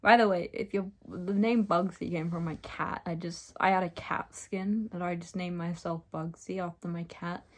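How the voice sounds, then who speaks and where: A young woman reads aloud stories she wrote as a child, interrupting herself with giggly, self-mocking asides. Her voice is on the low side, with fairly even intonation, normal speed and hardly any pauses.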